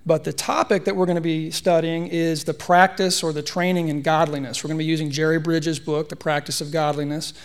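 Guy in his 30s preaching in church, chatty funny storyteller, a bit of fry. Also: on the high side, flat delivery, fairly quick, few pauses. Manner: conversational, humorous storytelling. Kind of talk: sermon.

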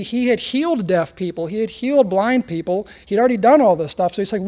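A man with a high voice preaches a relaxed sermon. He reads scripture, then turns to the congregation with direct questions and light jokes. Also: brisk, few pauses. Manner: conversational preaching with rhetorical questions and humor. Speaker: pastor.

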